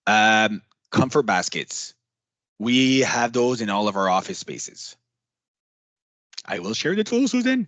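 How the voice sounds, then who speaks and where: A man's voice: fairly low pitch, no room sound. Male trainer, casual and chatty, dry close recording. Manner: animated, chatty, acts out client quotes. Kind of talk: casual workshop talk.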